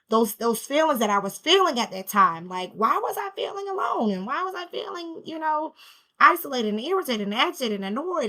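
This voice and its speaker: A woman's voice: mid-range voice, sharp tone. A middle-aged woman talking through a personal healing story in an emotional, repetitive, confessional way. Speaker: spiritual healing vlogger. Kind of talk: personal reflective monologue.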